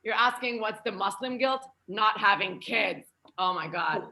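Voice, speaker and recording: A woman's voice: medium pitch, unhurried, gravelly, pushed and bright. A young woman from France doing a stand-up comedy set, chatty and playful, with light laughter in her delivery.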